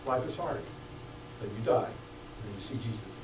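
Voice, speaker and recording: A man preaching a sermon as pastor, lively and joking, swinging between hushed asides and loud bursts. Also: on the low side, moderate pace, background noise. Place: church sanctuary. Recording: echoey church room, mic at a distance.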